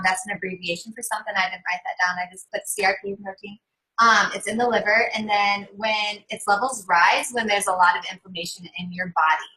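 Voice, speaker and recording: A woman's voice: mid-range voice, sharp tone, low-quality recording. A married woman in casual chat on a live call, telling self-mocking stories with laughter. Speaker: co-presenter.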